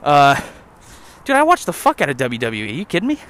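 A man's voice: a little high, huge pitch swings, fast talker, a bit bright. A young man rambling and joking with lots of swearing while walking a trail outdoors. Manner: profane, rambling, jokey. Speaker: vlogger. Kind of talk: casual rant while walking.

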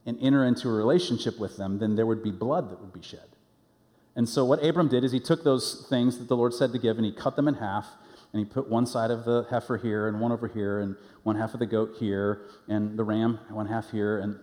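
A man's voice: mid-range voice, darkish tone. A middle-aged man preaching a sermon, telling the story with energy and acting out the voices he quotes. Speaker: pastor. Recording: long hall reverb.

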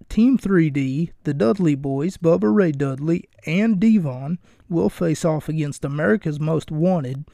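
A man's voice: on the high side, vocal fry, mellow, no echo, clean studio sound. A man hosting his own podcast, recapping and bantering in a wry, rambling, profane, self-mocking way. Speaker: podcast host.

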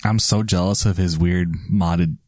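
A man's voice: low-pitched, fairly even intonation, unhurried, darkish tone, no room sound, clean studio sound. A man co-hosting a casual movie podcast, wry and teasing. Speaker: podcast co-host. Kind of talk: casual movie-review chat.

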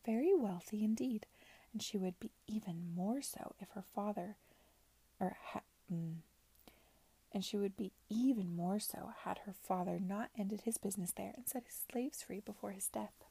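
A woman reading aloud softly, voicing a gossipy, confiding middle-aged chaperone in a whispered reading. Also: medium pitch, normal speed, vocal fry, slightly rough, no echo. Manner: confiding, hushed.

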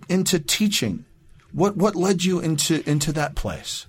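A man's voice: high voice, measured pace, slightly rough. A man hosting a casual podcast interview, talking in a loose, chatty way. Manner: chatty, loose, lots of fillers. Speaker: podcast host.

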